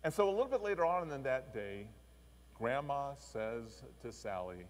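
A male pastor giving a sermon, telling a story in an expressive, animated way. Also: mid-range voice, normal speed. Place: church. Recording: long church reverb.

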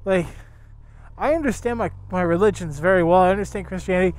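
A man vlogging from his motorcycle on a highway, talking to his viewers with excitable, profane commentary. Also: fast talker, clean tone. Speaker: motovlogger. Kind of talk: casual ranting commentary while riding. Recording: loud wind and traffic noise from riding.

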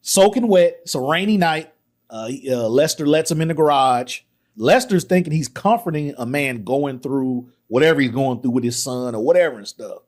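A man hosting a podcast, excitedly retelling a film's scenes in casual talk, acting out the lines. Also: medium pitch, moderate pace. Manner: excited retelling with acted quotes, laughs often. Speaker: podcast host. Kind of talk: casual film discussion.

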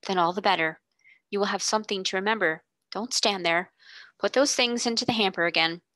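A woman's voice: mid-range voice, a little fast, pushed and bright, dry recording, lightly acted. A woman doing a furious, cutting headmistress. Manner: cold, cutting, commanding.

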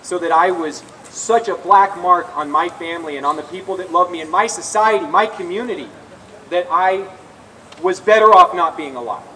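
Earnest high-voiced man speaking outdoors. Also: normal speed, bright, forceful tone, slight background noise. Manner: earnest and confessional, with frequent restarts. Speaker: speaker at a recovery rally. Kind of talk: personal testimony speech. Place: outdoor rally in a public square. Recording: distant outdoor recording with faint ambience.

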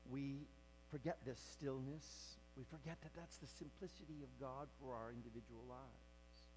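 A man preaching a sermon as pastor, swinging from hushed near-whispers to loud, emphatic preaching. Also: mid-range voice, background noise.

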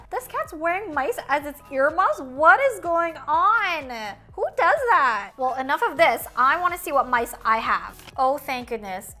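Bubbly high-voiced woman unboxing toys. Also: fairly bright tone. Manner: bubbly, exclaiming, talks to viewers as friends. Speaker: toy unboxing host. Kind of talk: casual toy unboxing commentary.

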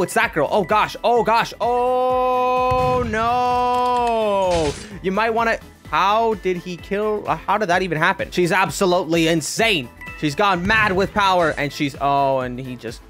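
A woman giving excitable gameplay commentary as a gaming YouTuber, often bursting into shrieks and yells. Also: mid-range voice, normal speed, soft background music.

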